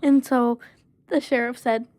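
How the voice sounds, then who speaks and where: Woman doing a storytime vlog, slow and hesitant, lots of ums, slightly high voice. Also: fairly even intonation, darkish tone, dry recording. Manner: halting, full of fillers like "basically" and "um". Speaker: storyteller vlogger. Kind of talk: casual storytime.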